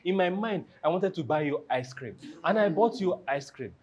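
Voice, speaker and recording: A man hosting a panel discussion, animated and acting out quoted lines as he talks. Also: on the high side, normal speed, highs cut off.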